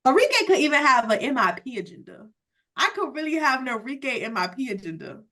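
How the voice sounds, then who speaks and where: A woman's voice: high-pitched, big pitch swings, fairly quick, pushed and bright. A woman hosting a casual sports podcast, talking emphatically with lots of cursing and "like". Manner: emphatic, profane, frequent "like". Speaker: podcast host.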